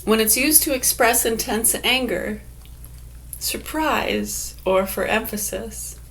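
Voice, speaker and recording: A woman's voice: on the high side, takes it slowly, vocal fry, a bit bright. A woman in a casual vlog who reads definitions aloud and riffs on them sarcastically, swearing freely. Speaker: vlogger. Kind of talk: casual musing monologue.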